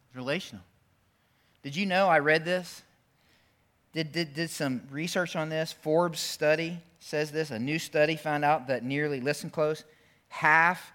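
A man preaching a sermon in a church, swinging between loud, emphatic peaks and quiet, intense stretches. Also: on the high side. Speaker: pastor.

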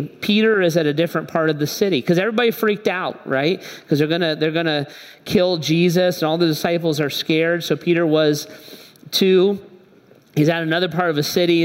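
A male pastor preaching a sermon in a church, telling the story conversationally and acting out the dialogue. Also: on the high side. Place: church hall. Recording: echoey hall.

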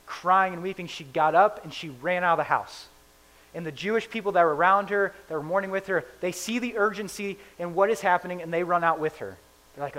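A man preaching a conversational sermon, retelling a scripture story in casual, animated paraphrase. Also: sits high, rough recording.

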